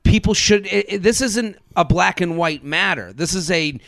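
A man hosting a comedy podcast in casual chat, rambling with stammered repeats and quick laughs. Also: high voice, gravelly, a bit bright, no echo, clean studio sound. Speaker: podcast host.

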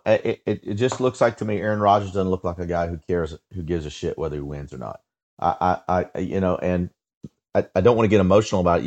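A man with a very low voice weighs in on a sports podcast. He stumbles and repeats words as he starts each point, then states his opinion bluntly. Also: darkish tone, highs cut off. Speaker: podcast co-host. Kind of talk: casual sports podcast chat.

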